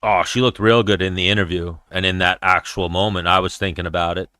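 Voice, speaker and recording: A man's voice: low voice, fairly even intonation, a little fast, pushed and bright, no echo, studio quality. A man hosting a casual livestream chat while watching fights, blunt, profane and rambling. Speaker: podcast host.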